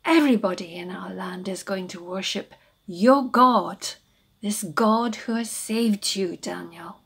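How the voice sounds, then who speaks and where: A woman voicing a worried king in a children's Bible story, calling out loudly to his friend. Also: mid-range voice, measured pace, gravelly, breathy edge, heavily acted. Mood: amazed. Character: desperate king calling down a pit, male.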